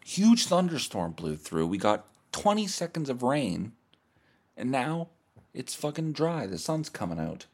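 A man's voice: mid-range voice, big pitch swings, a little slow, slightly rough. A man hosting his podcast from his bed, ranting in a crude, sardonic, rambling way without a proper microphone. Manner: profane, sardonic, rambling rants. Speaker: podcast host. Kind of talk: crude comedic monologue. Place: in bed at home. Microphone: cheap or built-in mic.

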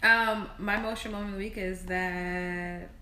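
A woman's voice: mid-range voice, a little slow, noisy background. A woman co-hosting a podcast, chatting casually and telling stories with lots of fillers. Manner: chatty, animated storyteller with frequent fillers. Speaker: podcast co-host. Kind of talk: casual chat.

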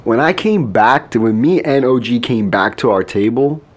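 A man's voice: medium pitch, lively intonation, moderate pace. A man chatting casually as a podcast co-host, laid-back and laughing often as he tells a story full of slang. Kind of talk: casual chat.

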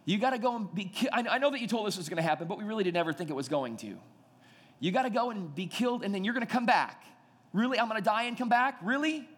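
A male pastor delivers a sermon in a high, bright-sounding voice, acting out the people in his story. His words ring with the long reverb of a large hall. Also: quick pace, husky. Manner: animated storytelling, acting out quoted dialogue.

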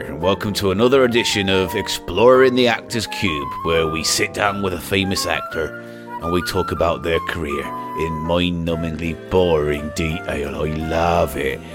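A man playing a pompous talk show host interviewing an actor in a comedy sketch. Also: deep voice.

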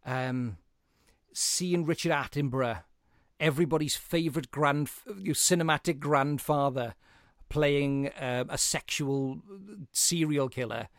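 A man's voice: a little high, steady tone, unhurried, dry recording, studio quality. A man hosting a film podcast, chatting enthusiastically and rambling a bit. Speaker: podcast host. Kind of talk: casual film chat.

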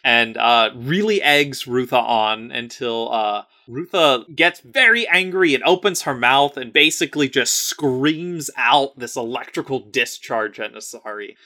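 A man on a podcast walks through a story recap in a loose, casual chat. His voice is bright and forward, and he rambles with plenty of fillers and restarts. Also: medium pitch, a little slow, hardly any pauses. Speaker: podcast host.

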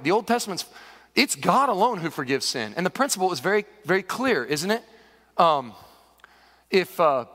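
A male pastor delivers a conversational, humorous sermon in a high, bright voice. His pitch leaps up and down as he preaches, and the sound carries a long reverb from a large church hall.

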